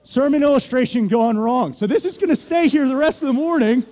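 A man's voice: extremely high pitch, expressive, a little fast, darkish tone. A young man from Pennsylvania preaching a sermon, telling a joking, self-deprecating story to the church. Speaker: pastor.

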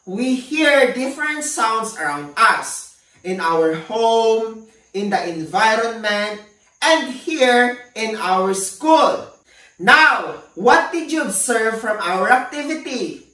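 A woman teacher giving a classroom lesson to an unseen class, speaking slowly and deliberately and praising the pupils often. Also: a little high, lively intonation, a bit bright, recorded from a distance. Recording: echoey room, voice set back from the mic.

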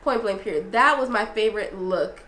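A young woman vlogging in a casual, effusive way, talking excitedly with lots of fillers and restarts. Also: medium pitch, moderate pace, reverberant, rough recording. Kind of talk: casual review vlog.

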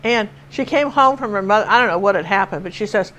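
A woman's voice: mid-range voice, quick pace, a bit bright, a little hiss or hum, low-quality recording. An older woman from Washington State giving a chatty live painting lesson, telling stories and laughing as she works. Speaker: painting teacher.

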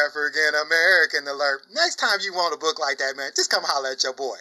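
Hyped young guy showing off his comic haul, really bright punchy voice, bit high, keeps saying y'all. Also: expressive, brisk, hardly any pauses, low-quality recording. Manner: exuberant, says "y'all" a lot; bursts into loud shouts and laughs. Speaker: comic book vlogger. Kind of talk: casual chat.

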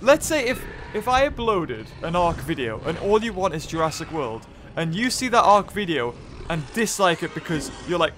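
A man's voice: high voice, fairly bright tone, a little hiss or hum. A nasal man hosting a gaming channel, short on sleep, chatting and ranting animatedly while he plays. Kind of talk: casual gaming commentary.

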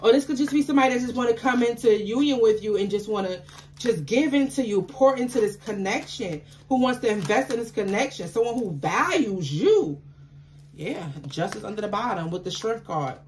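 Excitable, high-voiced tarot reader woman. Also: brisk, slight background noise. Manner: chatty, affectionate, calls listeners baby; excitable, bursts of laughter and exclamations. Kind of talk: intuitive tarot reading to viewers.

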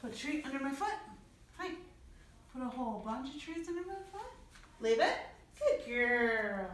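A woman's voice: high voice, lively intonation, normal speed, fairly bright tone. A woman training her dog, giving short commands and praising it in a coaxing voice. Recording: distant mic, very echoey room, faint noise.

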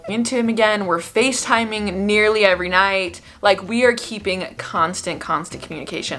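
A young woman in her twenties telling a dramatic dating story for her vlog, animated and exasperated. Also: mid-range voice, moderate pace, faint music behind. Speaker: vlogger.

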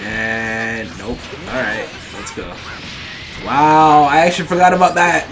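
An excitable man calls his fighting game matches live, his pitch leaping all over as he taunts the other player and laughs. Game music plays clearly behind his voice throughout. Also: slow pace. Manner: excitable, trash-talking, laughs and shouts often. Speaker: gaming channel host. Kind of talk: live gameplay commentary. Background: fighting game music and sound effects.

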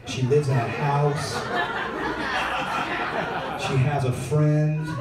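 A man's voice: fairly high pitch, steady tone, very slow, over a noisy crowd. Young man, stand-up comedy, laid-back storytelling, echoey club, distant sound, noisy room. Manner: laid-back, filler-heavy storytelling with slangy asides. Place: comedy club stage, live audience.

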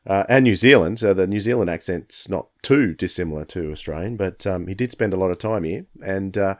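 Man, low voice, podcast co-host, hesitant casual review, lots of ums. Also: a little fast. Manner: hesitant, many ums and uhs.

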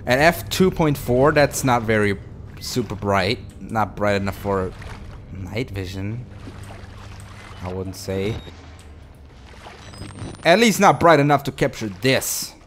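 A man commentating a horror game as he plays it, excitable and profane, talking to himself and to the game. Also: fairly low pitch, slow, long pauses, slight background noise. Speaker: gameplay commentator.

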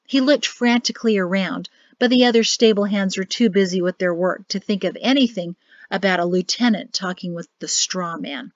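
Woman, audiobook narrator, even storytelling, dull lo-fi recording. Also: medium pitch, moderate pace, no room sound. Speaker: author reading her audiobook.

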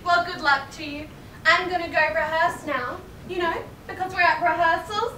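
A woman's voice: extremely high pitch, steady tone, moderate pace, bright, forceful tone, echoey room, a little hiss or hum. A woman acting a snooty know-it-all girl on stage, speaking in a prim, condescending way, taped from far off in a theatre. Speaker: stage actor. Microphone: far camera in audience.

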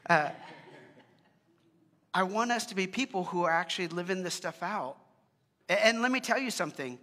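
A man leads prayer and preaches in an easy, conversational way, earnest but quick to joke, often restarting his sentences. His voice sits high and sounds bright and forward. The long reverb of a church sanctuary trails behind every phrase. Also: animated. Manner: earnest, joking asides, frequent restarts. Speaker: pastor. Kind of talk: casual conversational sermon with prayer.

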